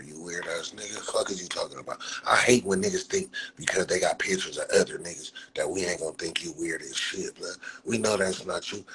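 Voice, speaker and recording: A man's voice: low-pitched, fairly bright tone, a little hiss or hum, poor audio. A young man talking loosely on a phone livestream, full of street slang and profanity and breaking into laughter often. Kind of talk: casual livestream chat.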